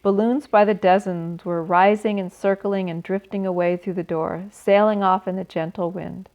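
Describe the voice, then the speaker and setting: A woman reading a children's book aloud in a gentle, expressive way, adding small asides for her listeners. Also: medium pitch, normal speed. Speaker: storyteller. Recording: slightly dull recording.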